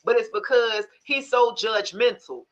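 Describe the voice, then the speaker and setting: A woman's voice: a little high, a little slow, dull audio. A woman hosting a casual tarot live stream, telling stories frankly with cussing and checking in with her viewers often. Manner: animated storyteller, frank and cussing, asks the audience for agreement.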